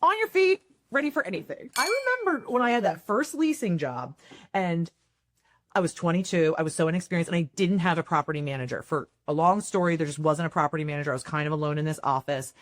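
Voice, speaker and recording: A woman who is a property manager and podcast host leads a casual chat, telling stories as an animated narrator who loudly acts out the quotes. Her voice is low and her pace quick, in a dry recording.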